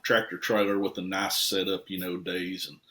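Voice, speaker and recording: Folksy shop owner, low-pitched male, animated guest storyteller. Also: normal speed. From Tennessee. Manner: folksy, animated storyteller with lively swings in loudness. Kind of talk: casual podcast storytelling.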